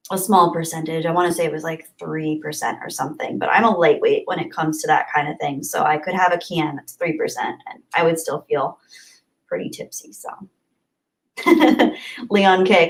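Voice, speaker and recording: Giggly woman chatting on a livestream. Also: fairly low pitch. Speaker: live streamer. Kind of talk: casual live-stream chat reading viewer comments.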